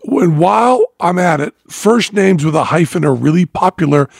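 A man's voice: high voice, expressive, normal speed, gravelly, no echo, clean studio sound. A man hosting a podcast, chatting casually and joking, often laughing and hamming up a French accent. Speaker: podcast host. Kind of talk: casual chat.

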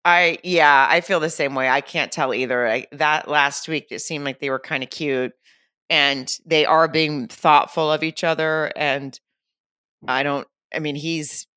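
Low, bright-voiced woman co-host. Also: steady tone, unhurried, smooth, no echo, studio quality. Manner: rambling, self-correcting, laughs easily. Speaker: podcast co-host. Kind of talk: casual chat.

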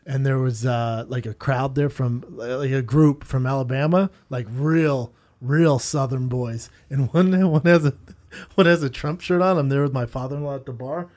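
A man's voice: mid-range voice, fairly even intonation, normal speed, a little mellow. A man co-hosting a podcast, telling stories and joking in a loose, profane way. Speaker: podcast co-host. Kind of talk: casual comedy chat.

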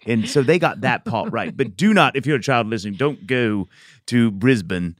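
A man playing Santa Claus as a podcast guest, telling deadpan tall tales with playful asides. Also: mid-range voice, moderate pace, dry recording, studio quality, close to an everyday voice. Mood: joking. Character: jolly male Santa Claus, joking and tall-tale telling. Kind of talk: comedic in-character interview. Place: studio.

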